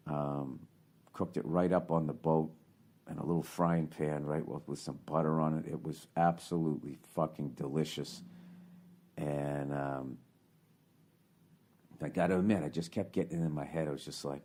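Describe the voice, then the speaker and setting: A man hosting a podcast, telling a profane, rambling comic story that swears constantly and climbs higher when he gets worked up. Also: steady tone, normal speed, a little mellow. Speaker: podcast host.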